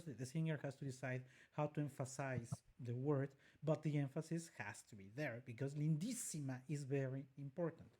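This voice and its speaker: A woman's voice: deep voice, mellow. A woman co-hosts a music commentary show. She walks through vocal technique with care and teaches as she talks. She breaks off now and then to sing short lines as examples. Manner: explanatory, demonstrates by singing phrases. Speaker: co-host and vocal coach.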